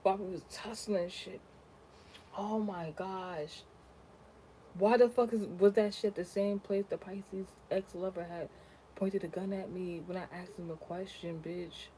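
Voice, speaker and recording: A young woman, a content creator, tells a personal story in a casual vlog, ranting and cursing, dropping to low mutters and then rising to loud, animated outbursts. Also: a little slow, a little hiss or hum, low-quality recording.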